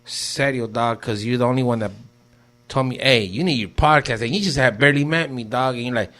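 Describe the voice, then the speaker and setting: A man's voice: medium pitch, fairly quick, fairly bright tone. A young man hosting a casual podcast, talking in slang and dropping Spanish words while acting out quotes. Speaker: podcast host. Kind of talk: casual stoned podcast banter.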